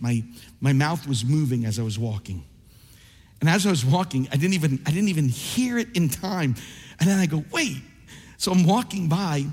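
A male pastor preaching a sermon with animated storytelling, acting out the voices he quotes. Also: on the high side, slightly rough. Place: church sanctuary. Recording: reverberant hall.

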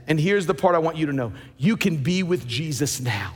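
A man's voice: fairly high pitch, lively intonation, moderate pace, hardly any pauses, slightly rough, big-room sound, a faint crowd. A man preaching a sermon as pastor, emphatic and repeating words as he builds his points.

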